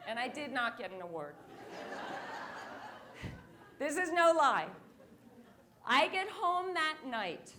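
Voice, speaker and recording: A woman giving a motivational conference talk, telling a personal story in an animated, lively way to an audience. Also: on the high side, slight background noise. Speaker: motivational keynote speaker. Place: conference stage before an audience.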